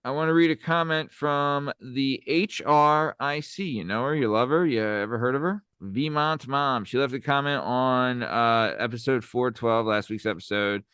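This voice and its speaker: A man in his thirties chats loosely on a podcast, cursing freely as he reads listener comments. His voice comes through very crisp and clean, recorded dry and close to the mic. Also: mid-range voice, moderate pace, few pauses, fairly bright tone, no echo. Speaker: podcast co-host. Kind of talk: casual podcast chat.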